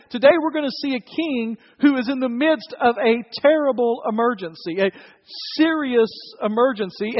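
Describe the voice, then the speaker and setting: A man preaching a sermon to his congregation, conversational and joking with the listeners. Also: high voice. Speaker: pastor. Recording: dull, reverberant hall recording.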